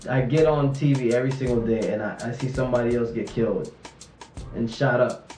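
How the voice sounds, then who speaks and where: A man's voice: medium pitch, a little fast, dark tone, soft background music. Passionate young man in a roomy space. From Raleigh, North Carolina. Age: 20s. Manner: passionate, emphatic, frustrated. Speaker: interviewee, student activist. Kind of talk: candid personal interview.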